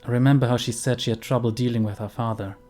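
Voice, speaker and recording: Let's player, man, tense game narration, medium pitch. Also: fairly even intonation, fast talker, darkish tone, soft background music. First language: German.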